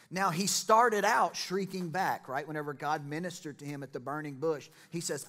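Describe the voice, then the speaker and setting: A male pastor, preaching a sermon in an excitable, joking way. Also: fairly high pitch, moderate pace, few pauses.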